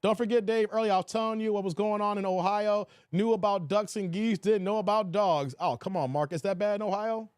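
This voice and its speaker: Casting: high-pitched male stream host, animated, argues with chat, dry close sound. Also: a little fast, few pauses, clean tone, no echo. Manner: animated, talks back to chat, laughs often. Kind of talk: casual live stream commentary.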